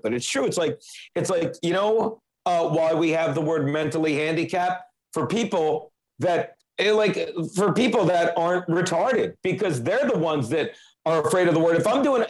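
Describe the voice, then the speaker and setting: A man hosting a podcast, ranting emphatically and with lots of profanity in casual chat. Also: high voice. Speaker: podcast host.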